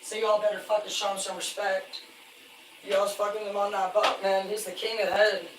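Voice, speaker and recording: A man spins loose, profanity-laced stories of hard work at sea on a live stream. His voice sits back from the mic in a roomy, echoing space. Steady noise runs underneath. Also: high-pitched, brisk. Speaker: livestreamer, former commercial fisherman. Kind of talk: rambling live-stream storytelling. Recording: echoey, distant, noisy room.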